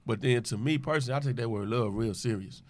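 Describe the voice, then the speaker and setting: Fast-talking blunt profane man. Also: mid-range voice, a little mellow. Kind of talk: casual podcast banter.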